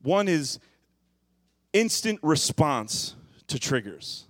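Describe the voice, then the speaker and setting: A man preaching a sermon as pastor, moving from quiet, musing passages to loud, impassioned bursts. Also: mid-range voice, moderate pace, dry recording, clean studio sound.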